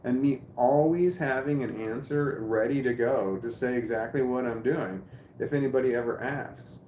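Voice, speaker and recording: A man's voice: medium pitch, moderate pace, darkish tone, slight background noise. Rambling man with a stammer, echoey room. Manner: stammers, repeating words while searching; rambling, thinks aloud. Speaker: live streamer reading chat. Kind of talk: casual chat.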